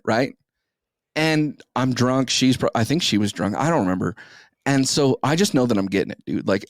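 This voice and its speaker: Young male podcast host, crude and rambling storyteller, close dry mic, mid pitch. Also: no room sound. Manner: crude, rambling, profane anecdote telling. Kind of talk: casual storytelling.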